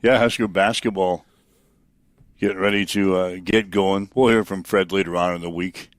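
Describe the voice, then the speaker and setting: A man hosting a sports talk show, introducing clips and reading community announcements in a steady, measured way. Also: deep voice, no room sound. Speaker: sports radio host.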